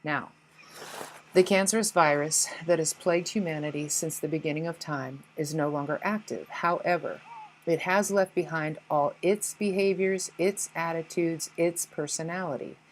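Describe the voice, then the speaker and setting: A woman's voice: sits low, moderate pace, slight background noise, rough recording. A woman giving a scripted spiritual presentation, earnest and blunt, with occasional swearing. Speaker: spiritual speaker.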